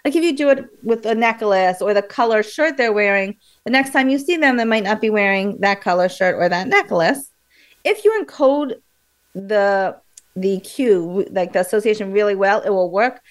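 A woman guest on a radio interview, explaining memory techniques in a lively, animated way with frequent fillers and restarts. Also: medium pitch, moderate pace.

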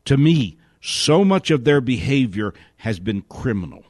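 A man giving a spoken commentary monologue, indignant, asking question after question and dropping to a hushed whisper for emphasis. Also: medium pitch, big pitch swings, no echo, clean studio sound. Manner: indignant, rapid rhetorical questions. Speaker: host.

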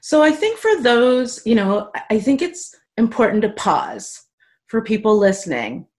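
Woman podcast host, fairly high, animated voice, encouraging and playful. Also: unhurried. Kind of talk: conversational interview.

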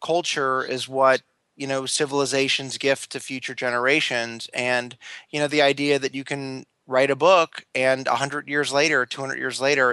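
A man's voice: medium pitch, bright, forceful tone, smooth, no echo. A man in his forties with an American accent, a guest in an interview on a remote line, talking in a wry, joking, self-deprecating way. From Los Angeles, USA. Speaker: guest, entertainment lawyer. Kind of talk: casual interview.

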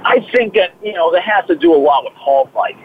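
A man in his fifties with a thick Boston accent talks as a phone-in guest. His voice sits a little high, and his speech is loose and full of fillers. The call is tinny and phone-like, with a faint hiss behind it. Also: animated, brisk. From Massachusetts. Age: 50s. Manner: chatty, many fillers. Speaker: guest, trainer and author. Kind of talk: interview over the phone.

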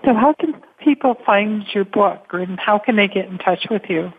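A woman's voice: mid-range voice, normal speed, slightly rough. A woman hosting an interview, asking plain, direct questions. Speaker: host. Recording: tinny phone line.

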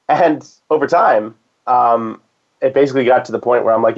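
A man's voice: mid-range voice, normal speed. A man talking casually as a guest, rambling with restarts and fillers. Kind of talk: casual conversation. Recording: dull lo-fi sound.

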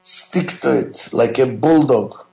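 Man, gravelly voice, mid pitch, management lecture, emphatic, repetitive, rhetorical questions. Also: slow, dark tone, echoey room, poor audio. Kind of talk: classroom lecture.

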